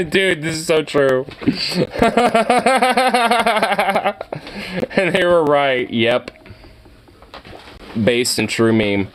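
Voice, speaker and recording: A man streaming casually, reacting to cat pictures with excitable gushing and casual swearing. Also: medium pitch, slight background noise. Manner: excitable, gushing over cats, casually profane.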